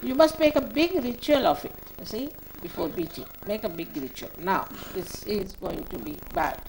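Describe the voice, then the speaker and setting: A woman's voice: mid-range voice, expressive, normal speed, noisy background. An older woman, a spiritual teacher, giving a spoken talk to a gathering in a motherly, scolding way, often repeating short commands.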